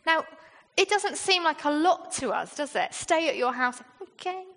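High-voiced British woman preaching. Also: sing-song, moderate pace, a bit bright. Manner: conversational, with frequent rhetorical questions. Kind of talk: sermon. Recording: long reverb of a large hall.

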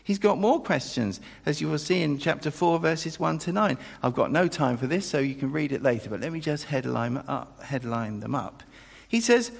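A man preaching a sermon, animated and acting out the dialogue of the figures he quotes, often breaking off and restarting. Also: moderate pace, gravelly, hardly any pauses, husky. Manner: animated, acts out quoted dialogue with pitch jumps, self-interrupting. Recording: long reverb of a large hall.

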